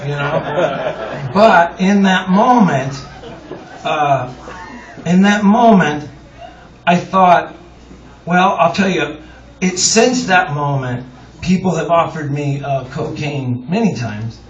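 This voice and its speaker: A man's voice: a little high, takes it slowly, long pauses. A man, a singer-songwriter, telling a long, rambling, self-mocking story to a live audience, chuckling as he goes. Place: live music club on stage. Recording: roomy, dull, distant audience recording. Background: audience laughter and crowd noise.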